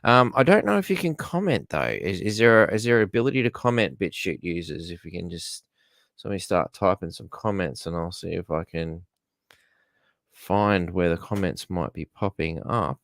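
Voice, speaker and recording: A man's voice: low-pitched, animated, moderate pace, vocal fry, a bit bright, dry recording, clean studio sound. An Australian man hosting a casual live stream from home, chatting loosely and greeting viewers by name. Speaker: livestream host.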